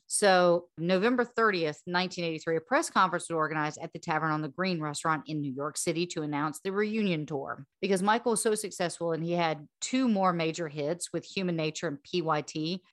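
A woman's voice: lowish voice, fairly bright tone, dry recording. Chatty woman telling a story, dry sound. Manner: chatty, laughs often, repeats words. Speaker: podcast host. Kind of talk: casual storytelling chat.

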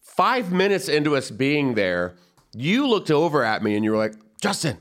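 A man hosting a podcast, telling a funny story in a casual, camp, animated way and laughing at his own jokes. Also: on the high side, normal speed. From San Antonio, Texas. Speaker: podcast host.

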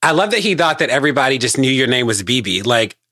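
Bright-voiced male podcast host. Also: medium pitch, big pitch swings, quick pace, dry recording, studio quality. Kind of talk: casual chat.

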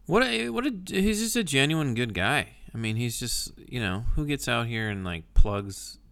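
A man's voice: medium pitch, animated, moderate pace, vocal fry, a bit bright. A man co-hosting a casual podcast chat, teasing his partner with dry humor. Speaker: podcast co-host.

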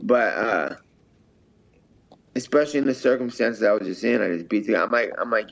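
A man's voice: fairly low pitch, brisk, gravelly, pauses often, dull audio. A man who fights professionally, talking in a casual interview in a brash, rambling, heavily profane way.

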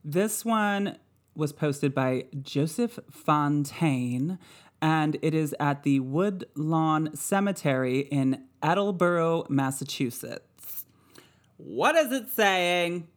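A woman's voice: low-pitched, slow pace. A woman hosting a podcast in casual chat, playful and laughing often, with rambling asides. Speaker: podcast host.

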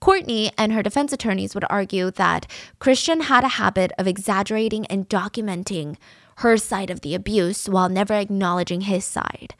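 A woman's voice: mid-range voice, fairly quick, fairly bright tone, dry recording. Casual woman narrating true crime, dry sound. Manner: conversational, opinionated, uses fillers like "so" and "like".

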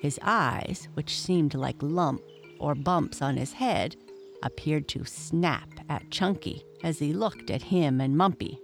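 Slow, measured children's storyteller. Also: mid-range voice, gravelly, faint music behind. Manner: measured, addresses the listener. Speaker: narrator.

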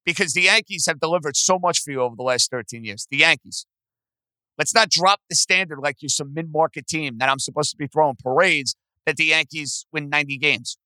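A man's voice: fairly high pitch, fairly quick, bright, forceful tone, clean tone, no echo, poor audio. A man hosting a sports talk show, ranting angrily with sarcasm at his team's owners. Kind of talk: sports talk podcast rant.

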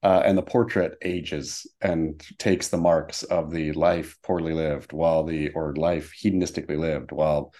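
Podcast co-host, man, deep voice, playful and laughing, dark tone. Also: steady tone, normal speed, few pauses. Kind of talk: casual chat.

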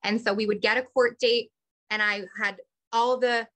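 A woman's voice: on the high side, steady tone, normal speed, a bit bright. A woman guest on a podcast telling a personal story openly. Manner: open, storytelling.

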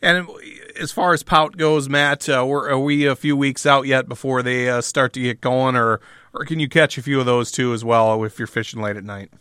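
A man's voice: medium pitch, fairly even intonation, normal speed, sharp tone, clear, resonant tone, no room sound. A man hosting a radio outdoors show, friendly and summarizing, reading plugs for his guests.

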